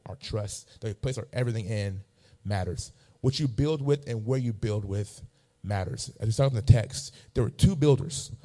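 A man's voice: fairly low pitch, warm tone. A man preaching a sermon, mixing a funny personal story with emphatic, repeated phrases.

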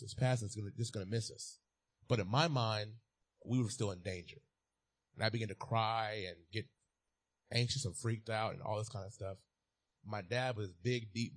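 A man's voice: on the low side, a little mellow, husky. A man preaching a sermon as a pastor, repeating key phrases and building to emphatic peaks.

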